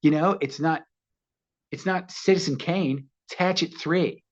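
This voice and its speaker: A man in his sixties telling stories as an actor guest in a casual interview, animated and laughing often as he acts out quoted voices. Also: fairly high pitch, unhurried. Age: 60s. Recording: muffled lo-fi audio.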